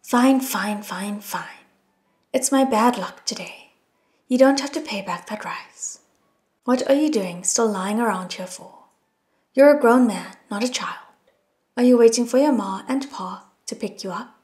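A woman reading an audiobook, voicing a gruff, impatient man who scolds and nags in repeated words. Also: a little high, measured pace, lightly acted. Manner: brusque, nagging, repeats words.

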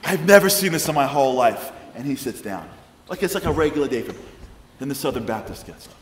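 A man with a New York accent telling a lively comic story in a public lecture. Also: medium pitch, quick pace, roomy sound, in a large hall, slight background noise. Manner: animated, comic storytelling with acted-out quotes. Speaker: public speaker. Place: large congregation hall with audience.

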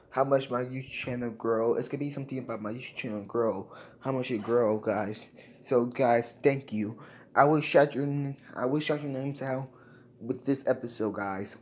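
A young man of medium pitch addresses his subscribers in a casual vlog, with a slight hiss or hum in the recording. Emotional and repetitive, he thanks them over and over and keeps using "guys."

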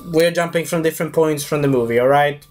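A young man rants fast and animatedly in a casual movie review, repeatedly slipping into silly high voices to play the characters.

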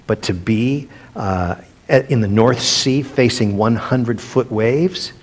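A man's voice: medium pitch, slow. A man leading a casual Bible study, reading verses aloud and wandering into chatty personal asides with frequent restarts. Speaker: pastor teaching a Bible study.

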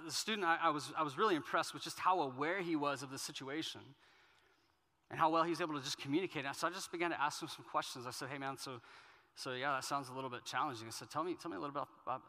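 A man's voice: mid-range voice, pushed and bright, in a large hall. A male pastor giving a sermon, telling stories in a conversational, self-deprecating way. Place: church auditorium.

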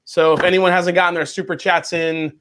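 A man hosting a casual livestream chat, excitable and joking. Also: high-pitched, a little fast. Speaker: host.

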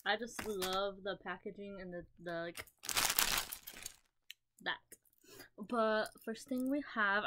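A woman's voice: medium pitch, bright, forceful tone, slight background noise. A young woman chatting in a casual haul video, rambling with lots of fillers and the odd swear word, recorded on a laptop mic at home. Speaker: vlogger.

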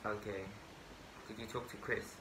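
A man vlogging a casual storytime monologue to camera, excitable and boastful, breaking into sudden loud swearing outbursts. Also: fairly low pitch, moderate pace, noisy background.

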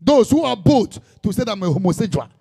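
A man's voice: sits high, very animated, quick pace, gravelly, dark tone, slightly rough. A man with a Nigerian Igbo accent, preaching a sermon as a pastor in an impassioned, emphatic style full of repetition.

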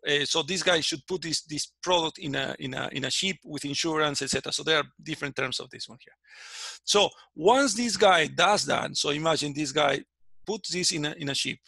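A man's voice: on the high side, brisk, gravelly, bright, forceful tone, breathy edge, no echo. A man teaching a finance class over a video call, often stopping to check that students follow. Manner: checks understanding often, with many restarts. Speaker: finance lecturer. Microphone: computer mic on a video call.

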